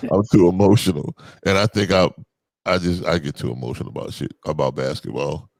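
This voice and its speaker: A man co-hosting a casual podcast chat, animated and swearing freely, his voice jumping up loud when he gets worked up. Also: low-pitched, brisk, vocal fry, no echo. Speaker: podcast co-host.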